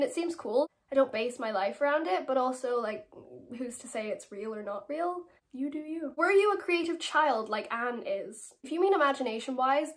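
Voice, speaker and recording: An eighteen-year-old woman with an Irish accent, an actress answering fan questions in a casual, chatty and giggly way. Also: fairly high pitch. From Ireland.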